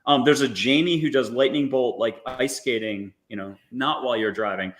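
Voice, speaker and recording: Male guest, animated coaxing guide, playful jokes, mid-range voice. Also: mid-range voice, normal speed. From United States. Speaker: guest, angel intuitive. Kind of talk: guided visualization talk.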